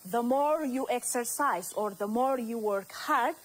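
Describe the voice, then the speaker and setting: A woman's voice: a little high, measured pace, few pauses, slight background noise, poor audio. A woman from Ethiopia teaching a recorded grammar lesson, repeating words and asking the class questions as she goes.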